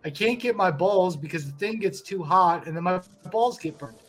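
A man's voice: high voice, lively intonation, normal speed. Swearing laid-back young man, dude-talk. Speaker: podcast co-host. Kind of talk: casual crude podcast chat while watching a film.

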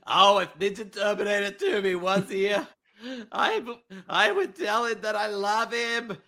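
A man's voice: high-pitched, a little slow, gravelly, full character voice. A man voicing Louise, a distraught, melodramatic wife in an improvised role-play game. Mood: distressed. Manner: melodramatic, pleading then shouting.

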